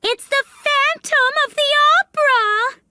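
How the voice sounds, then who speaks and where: A woman's voice: extremely high pitch, unhurried, very noisy, pitched above the performer's own voice. A woman doing a trembling, frightened young dancer. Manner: trembling, breathless. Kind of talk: storybook read-aloud.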